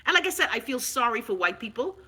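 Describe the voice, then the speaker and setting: A woman's voice: fairly high pitch, very animated, quick pace, pushed and bright, husky. A middle-aged Bahamian woman ranting on her vlog, sarcastic, profane and emphatic. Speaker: vlogger. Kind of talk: unscripted vlog rant.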